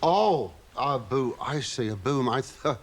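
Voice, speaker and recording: A man's voice: mid-range voice, animated, a little slow. A flustered, stammering postman. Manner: stammering, spluttering, indignant asides. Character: nervous middle-aged male postman lookalike, fussy and flustered. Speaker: sketch comedian. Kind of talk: studio sketch comedy impression. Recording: loud studio audience laughter and noise.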